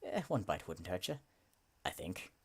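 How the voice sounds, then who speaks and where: A man's voice: low-pitched, big pitch swings, moderate pace, breathy edge, full character voice. A man voicing a friendly, boastful Norse god in a video game, speaking in a hearty, old-fashioned way. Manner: hearty, old-fashioned speech with "aye" and "lad".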